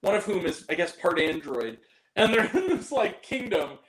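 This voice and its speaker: A man's voice: high-pitched, very animated, normal speed, a bit bright. A young man giving a casual, blunt, rambling video review of a film, apologetic and self-deprecating as he goes. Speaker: movie reviewer. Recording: echoey room.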